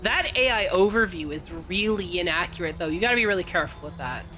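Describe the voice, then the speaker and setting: A woman's voice: on the low side, expressive, quick pace. A woman from California streaming a game, chatting casually and teasing her chat in a playful way.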